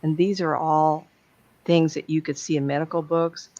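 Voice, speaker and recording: A woman's voice: low-pitched, little pitch movement, moderate pace, warm tone. A woman speaking as a psychic medium, giving a blunt, plain-spoken talk to an audience. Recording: dull lo-fi sound.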